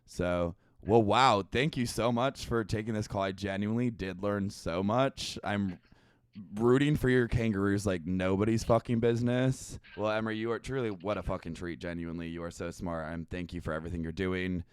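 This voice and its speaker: A young man hosts a comedic podcast in a loose, gossipy way, tossing out sarcastic and profane asides. His voice is smooth and resonant, and the sound is close and dry. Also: lowish voice, normal speed, no room sound. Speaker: podcast host. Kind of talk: casual comedic chat.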